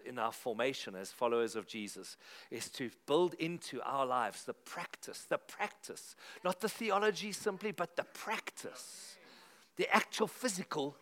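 A middle-aged man, preaching a sermon to his congregation in a lively, conversational way with emphatic repetition. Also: mid-range voice. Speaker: pastor.

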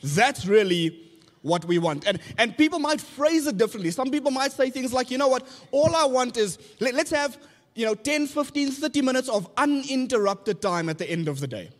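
High-voiced pastor preaching. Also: male voice, expressive, normal speed. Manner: conversational preaching with rhetorical questions and humor. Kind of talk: sermon. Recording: long church hall reverb.

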